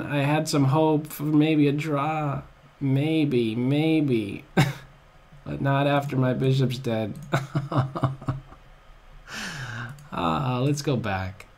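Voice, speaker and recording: A man talks through his own fast chess game live from his desk. His voice sits a little high and his delivery is drawn out and slow. He swings between excited hope and comic groans at his blunders. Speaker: chess commentator.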